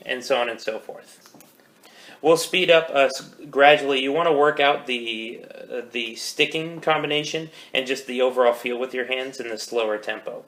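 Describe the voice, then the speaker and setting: A man's voice: mid-range voice, steady tone, moderate pace. A man teaching drum rudiments, counting beats aloud in a casual, self-correcting way. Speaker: percussion teacher. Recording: loud background noise.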